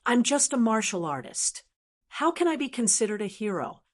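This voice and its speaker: A woman's voice: fairly high pitch, sing-song, moderate pace. A woman voicing a reserved, humble young male martial artist. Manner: humble, understated.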